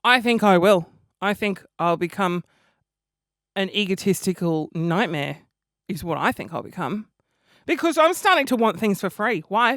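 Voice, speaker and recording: A man's voice: sits high, a bit bright, no echo, studio quality. A young man hosting a comedy podcast, chatty, camp and self-deprecating. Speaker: podcast host.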